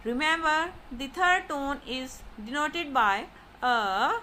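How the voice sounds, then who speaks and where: A woman giving a slow lesson as a language teacher, saying example syllables one by one with exaggerated rises and falls. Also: high-pitched, lively intonation, pushed and bright, slight background noise. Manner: deliberate, repeats example syllables with exaggerated tones. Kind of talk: slow explanatory lesson narration.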